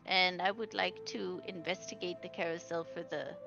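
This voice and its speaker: Lady player at the game table, bright punchy voice, bit dramatic. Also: fairly low pitch, steady tone, moderate pace, vocal fry, muffled recording, soft background music.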